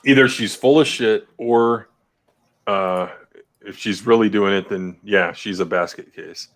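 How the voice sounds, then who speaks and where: A man's voice: on the low side, a little slow. A man co-hosting a casual podcast, blunt and crude with wisecracks. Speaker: podcast co-host.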